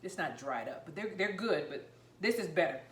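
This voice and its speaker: A woman vlogging about home cooking, chatting excitedly and rambling while she tastes and eats her food. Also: fairly low pitch, normal speed, roomy sound. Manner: talking while eating, mouth full. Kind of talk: casual cooking vlog, tasting on camera.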